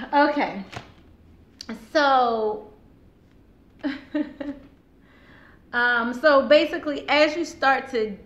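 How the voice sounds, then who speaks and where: The audio is dull, with a roomy echo and faint background noise, as a woman with a fairly high voice does a casual tarot reading to camera. She has a sore throat but chats straight to her viewers, laughing often.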